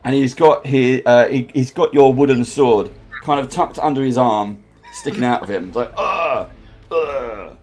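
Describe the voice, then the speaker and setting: A man's voice: medium pitch, normal speed, a little mellow. A man narrating as game master, acting out crowd noises and sound effects.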